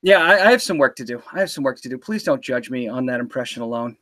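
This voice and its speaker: A man's voice: mid-range voice, animated, fast, sharp tone. A man hosting a casual live-stream chat on a video call, playful and teasing his guest. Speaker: host.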